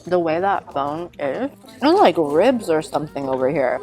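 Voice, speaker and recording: A woman's voice: fairly low pitch, big pitch swings, measured pace, a little mellow, soft background music. A young woman vlogging as she tastes food, talking casually and humming between bites. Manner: enthusiastic, savoring, murmurs and hums between bites. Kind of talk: casual food tasting vlog.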